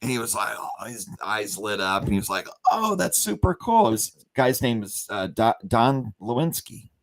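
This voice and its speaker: With a steady, fairly bright voice at a normal pace, a company livestream host recounts a meandering story in casual chat. He stumbles through fillers and restarts and acts out quotes with large pitch leaps.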